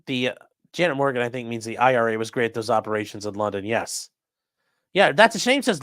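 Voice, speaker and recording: A man's voice: mid-range voice, lively intonation, brisk, a bit bright, no echo, studio quality. A man hosting a crime news livestream, talking casually and bluntly, swearing now and then and reading viewer comments aloud. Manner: blunt, profane, reads chat aloud. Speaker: livestream host.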